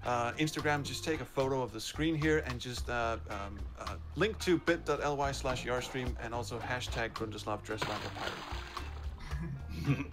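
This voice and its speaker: A man's voice: medium pitch, moderate pace, hardly any pauses. A man co-hosting a live charity stream, enthusiastic and chatty, with hesitant fillers. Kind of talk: casual chat on a live stream. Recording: game music behind voice.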